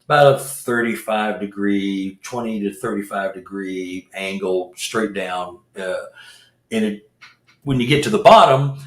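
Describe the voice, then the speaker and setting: Talking a little slowly in a low-leaning voice, a Bigfoot researcher who heads expeditions rambles through a casual story, often restarting and repeating himself. The recording is reverberant.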